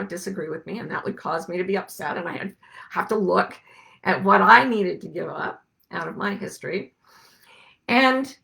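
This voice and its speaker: A middle-aged woman hosting a reflective spiritual talk, speaking gently and musing, slowing down to stress her points. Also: on the low side, vocal fry. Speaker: podcast host and life coach.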